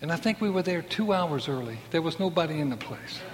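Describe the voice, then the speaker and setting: A man's voice: a little high, expressive, brisk, slight background noise. A man in his sixties giving an earnest personal faith testimony, acting out the voices of people in his story. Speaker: testimony speaker. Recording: long hall reverb.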